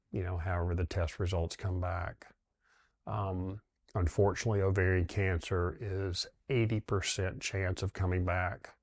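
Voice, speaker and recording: Middle-aged guy, low voice, pretty monotone, halting heartfelt story with lots of ums. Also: no room sound. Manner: halting and heartfelt, with many pauses and fillers. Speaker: dentist sharing his wife's cancer story. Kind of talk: personal reflective storytelling.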